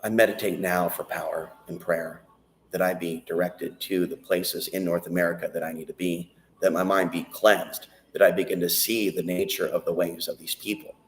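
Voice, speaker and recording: A man's voice: low-pitched, fairly even intonation, normal speed, a little hiss or hum. A man delivering an intense, rambling spiritual monologue and prayer on his own channel, swearing freely. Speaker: channel host. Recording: echoey.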